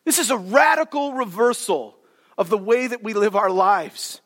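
A male pastor preaching a sermon in a church hall, animated and colloquial as he explains Scripture. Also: high voice, moderate pace. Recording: hall with long reverb.

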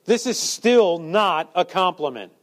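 A man's voice: high-pitched, animated, unhurried. A male preacher delivering a sermon, asking the listeners rhetorical questions and acting out quotes.

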